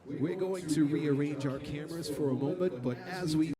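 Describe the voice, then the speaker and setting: Male wedding announcer, upbeat, slightly high voice, loud party crowd. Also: moderate pace.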